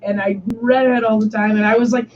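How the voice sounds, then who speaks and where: A woman's voice: fairly high pitch, steady tone, quick pace, darkish tone, a little hiss or hum. Swearing young woman, muffled stream audio. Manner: swears often, heavy use of "like". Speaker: stream host. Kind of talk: casual storytelling chat.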